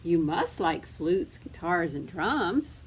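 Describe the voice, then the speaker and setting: A woman reading aloud as a chatty, curious male mouse from a picture book, in a slow, sing-song questioning way. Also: lowish voice, sing-song, slight background noise. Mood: asking.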